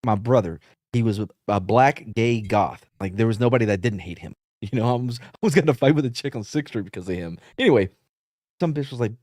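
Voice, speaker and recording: A man's voice: on the low side, animated, brisk, a little mellow, no echo, clean studio sound. A man in his thirties hosting a podcast, telling rambling, profane stories in casual chat. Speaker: podcast host.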